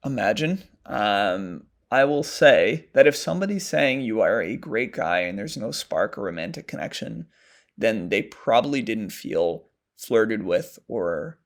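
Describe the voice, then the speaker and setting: A male dating coach talks through a question in a relaxed, conversational way, dropping plenty of "um"s and "like"s. His voice has a noticeable gravelly fry at mid pitch. The delivery is unscripted and loose. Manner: casual, conversational, frequent "um" and "like". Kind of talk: advice monologue answering a question.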